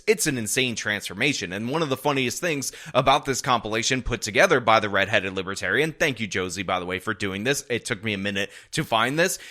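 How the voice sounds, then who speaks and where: A man's voice: mid-range voice, bright, forceful tone. A man hosting a political commentary video, arguing his points emphatically and checking in with his audience. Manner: emphatic, argumentative, repeats points. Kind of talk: opinion commentary to camera.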